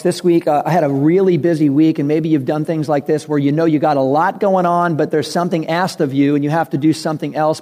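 A man's voice: fairly high pitch, warm tone. A male pastor giving a conversational sermon, acting out the dialogue in his stories. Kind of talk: sermon with personal story.

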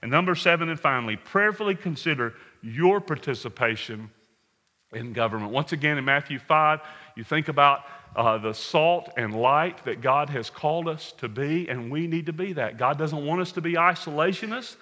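Speaking at a moderate pace in a bright, forceful voice on the high side, an American man preaches as pastor to his congregation in a large hall. He is earnest and direct, addressing the crowd as "folks" and working through numbered points.

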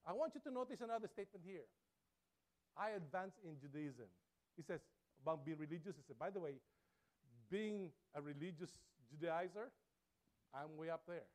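A man's voice: on the high side, lively intonation, moderate pace, long pauses. A man preaching a sermon, emphatic and repetitive, with his volume rising and falling.

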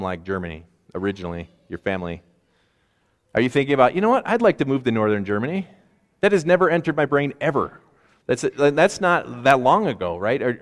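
A man's voice: medium pitch, big-room sound. A man in his forties preaching a conversational sermon with self-deprecating asides. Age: 40s. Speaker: pastor.

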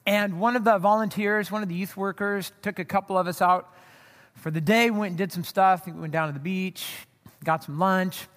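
A man's voice: high-pitched, steady tone, a little fast, a bit bright, long reverb tail. A man from Southern California giving a sermon as a pastor, telling a story in a conversational way, full of fillers and restarts.

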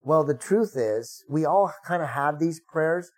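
A man's voice: a little high, lively intonation, unhurried. Conversational middle-aged man preaching. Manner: conversational preaching, acting out quoted prayers with rising emphasis. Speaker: pastor. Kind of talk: sermon.

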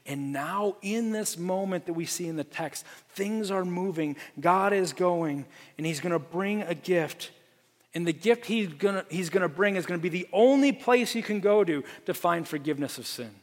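A man preaching a sermon as pastor, earnest and repeating phrases for emphasis, dropping to a hush for his appeals. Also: sits high, normal speed. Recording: long reverb from a large room.

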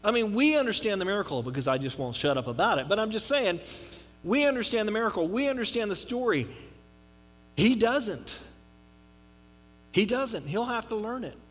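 A man with a notably high voice delivers a conversational sermon, talking to the congregation like a friend. He drops into quiet, low asides and then climbs into emphatic declarations. The sound carries a long reverb from a large hall. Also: expressive, fast talker. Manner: conversational preaching with dramatic drops and rises. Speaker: pastor.

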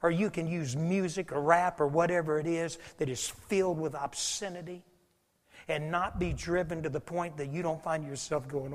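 A man's voice: fairly high pitch, fairly even intonation, moderate pace. Preaching man with hall reverb. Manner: swings from loud preaching to hushed whispers. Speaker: pastor. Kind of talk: sermon.

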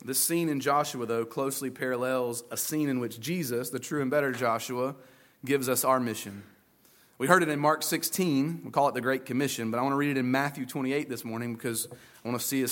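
A man's voice: mid-range voice, fairly even intonation, fairly quick, fairly bright tone. A man preaching a sermon to his church, speaking conversationally with folksy asides and playful paraphrases. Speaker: pastor.

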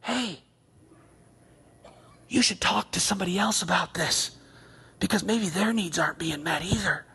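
A preacher putting on the devil, whispering sly, insinuating temptations during a sermon. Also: male voice, sits high, normal speed, creaky, long pauses, breathy edge, pitched below the performer's own voice, exaggerated voice. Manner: hushed, insinuating. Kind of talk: sermon illustration.

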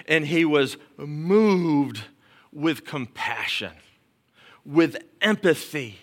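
A middle-aged pastor preaches a sermon, building his points through emphatic repetition and dropping at times to soft murmurs. He speaks slowly and expressively at medium pitch.

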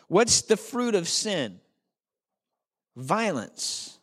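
Pastor guy preaching, chatty and self-deprecating, asks the crowd questions, slightly high voice. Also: big pitch swings, takes it slowly, pauses often, a bit bright. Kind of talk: sermon.

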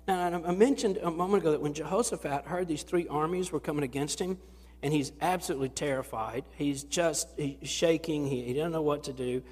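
A man's voice: high voice, darkish tone, slightly rough. A man preaching a sermon as pastor, talking conversationally, acting out quotes and often restarting his phrases. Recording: long reverb of a large hall.

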